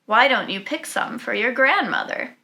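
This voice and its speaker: Sneaky hungry wolf guy, woman reading him, sweet-talking, a bit gravelly. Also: a little high, expressive, moderate pace, pushed and bright, heavily acted. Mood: sly. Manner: sly, coaxing. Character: sly hungry male wolf.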